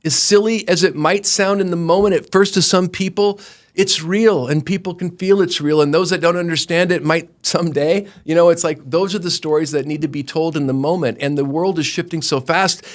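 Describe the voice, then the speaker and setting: A middle-aged man, a company founder, telling stories earnestly in an interview, animated, often restarting his sentences. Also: fairly high pitch, brisk. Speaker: guest, roofing company founder. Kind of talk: conversational interview storytelling.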